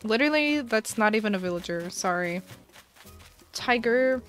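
A young woman streamer giving chatty, excitable commentary while playing a game, swinging between dramatic despair and delight. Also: fairly high pitch, moderate pace, soft background music.

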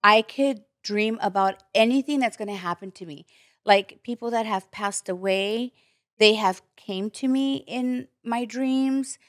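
A woman's voice: on the high side, unhurried, dry recording, studio quality. A woman guest on a podcast, telling a personal story candidly, acting out the voices she quotes and swearing freely.

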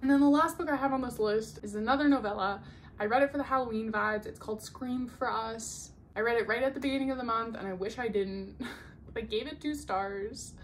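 A woman's voice: on the high side, a little fast, slight background noise. A woman chatting casually as she reviews the books she read, filling her talk with "like" and laughing as she retells plots. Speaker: book vlogger. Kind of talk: casual book review chat.

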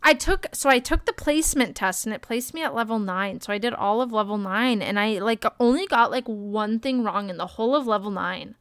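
A young woman streaming, chatting casually and joking at her own expense while she thinks out loud. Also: fairly high pitch, a little fast, hardly any pauses, clean tone, no room sound, studio quality. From Canada. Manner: chatty and self-mocking, thinking aloud. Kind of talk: casual live-stream chat.

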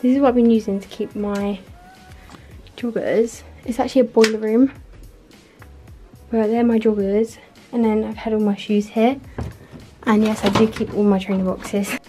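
Young woman, bedroom vlogger, bubbly rambling chat, slightly high, bit breathless. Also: steady tone, moderate pace, pauses often, over music. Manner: chatty, rambling, fillers like "like" and "literally". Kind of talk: casual vlog chat. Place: her bedroom at home.

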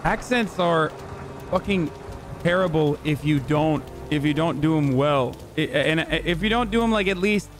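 A young man streaming a game, commenting in a loud, joking, profane manner. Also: on the high side, normal speed. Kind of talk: casual gaming commentary.

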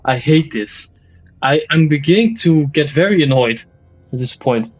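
A man's voice: fairly high pitch, lively intonation, normal speed, dull audio, soft background music. A man playing a shooter game and commenting with exasperated, swearing jokes, sometimes slipping into mock German. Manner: exasperated, swearing, joking complaints; switches into mock German and Dutch. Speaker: gaming video host. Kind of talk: let's play commentary.

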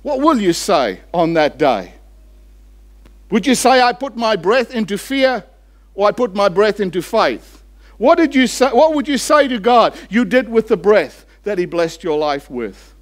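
A man preaching a sermon as pastor, building to loud emphatic peaks and then dropping low and slow for effect. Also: big pitch swings. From Australia.

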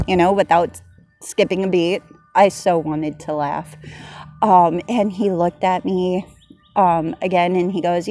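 A woman's voice: fairly low pitch, unhurried, dark tone. A woman vlogger telling a funny story casually, giggling and laughing often as she goes.

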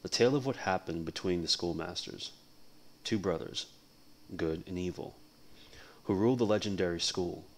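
A deep-voiced man reads a fantasy novel aloud for a livestream audience. He takes it easy, breaks off to chat casually between passages, and keeps his very low voice relaxed throughout. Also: normal speed, pauses often. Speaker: livestream book reader. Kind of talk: reading a novel aloud, casual cold read.

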